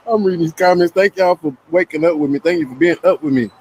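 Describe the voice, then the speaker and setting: A man chatting casually with viewers while he eats, relaxed and joking. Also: a little high, quick pace, slightly rough, rough recording. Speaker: vlogger. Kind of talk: casual live-stream chat while eating.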